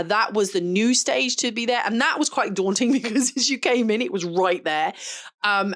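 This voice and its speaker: A young woman talking straight to camera in a loose, rambling vlog chat. She laughs easily and trails off into asides, her pitch sitting in an ordinary middle range. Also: a bit bright. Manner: chatty, rambling, laughs often. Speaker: photographer and vlogger.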